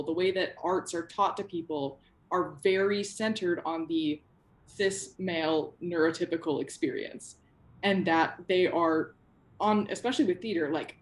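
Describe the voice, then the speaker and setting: A woman in her twenties interviewing over a video call, talking in an earnest, rambling way with lots of "like"s. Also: on the low side.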